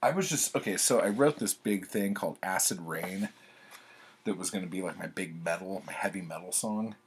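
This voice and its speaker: A man's voice: low voice, moderate pace, a little hiss or hum. A man reading his old childhood poems aloud and commenting on them in a wry, self-mocking way.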